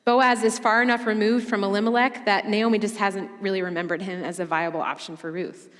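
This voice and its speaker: A woman's voice: medium pitch, steady tone, fairly quick, big-room sound. A woman leading a women's Bible study in a conversational, humorous way with chatty asides. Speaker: women's ministry director teaching a Bible study.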